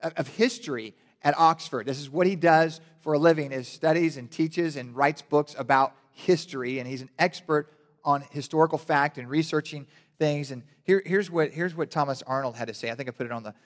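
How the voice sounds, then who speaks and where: A male pastor giving a casual, animated sermon with joking asides, often restarting his sentences. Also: a little high, brisk. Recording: long hall reverb.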